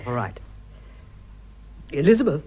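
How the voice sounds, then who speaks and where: A man's voice: fairly high pitch, sing-song, unhurried, slightly rough, highs cut off, heavily acted. An actor playing an earnest, flustered young businessman declaring his love, stammering in clipped upper-class British speech in a radio drama. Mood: subdued.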